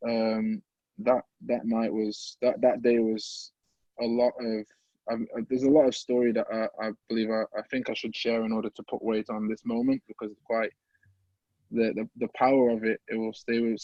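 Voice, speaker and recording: A man, earnestly telling his life story as a podcast guest in a halting, open and emotional way. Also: mid-range voice, mellow, dry recording, highs cut off. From English Midlands. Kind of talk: personal life story in an interview.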